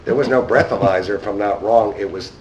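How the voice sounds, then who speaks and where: A man's voice: lowish voice, fairly quick, darkish tone, muffled recording, slight background noise. New man telling a rambling story. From New York. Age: 50s. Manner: rambling, casual, acts out quoted dialogue. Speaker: conference speaker. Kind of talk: anecdotal storytelling talk. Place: conference hall. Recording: distant mic in a hall.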